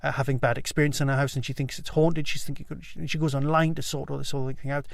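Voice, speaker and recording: A man's voice: fairly high pitch, little pitch movement, fast talker, vocal fry, no echo. A man hosting his own podcast, reviewing in a chatty, enthusiastic way with rambling asides. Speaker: podcast host. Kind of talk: casual solo review.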